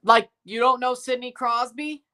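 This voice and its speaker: A man's voice: very high-pitched, steady tone, moderate pace, sharp tone. A man hosting a casual soccer watchalong livestream, rambling, chuckling and repeating himself as he reads out lineups and chats. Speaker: livestream host reading chat.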